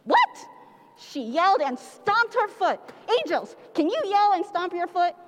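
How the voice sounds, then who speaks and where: A woman with a high, bright-sounding voice leads a playful Christmas pageant, coaxing everyone to act along. Her voice rings with the long reverb of a church sanctuary. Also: moderate pace, slight background noise. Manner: animated, playful, coaxing the audience to join in. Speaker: children's pageant leader at church. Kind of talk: interactive storytelling for children.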